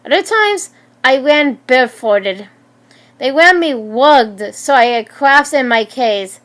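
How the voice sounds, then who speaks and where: A woman in her twenties reading her own story aloud in a halting way, often stumbling and restarting words. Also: high voice, a bit bright. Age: 20s. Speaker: story narrator.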